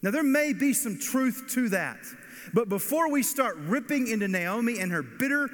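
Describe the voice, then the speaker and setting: A man's voice: very high voice, lively intonation, normal speed, a bit bright. Man preaching in a long-echoing hall. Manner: earnest, storytelling, rising to emphatic. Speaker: pastor. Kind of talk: sermon.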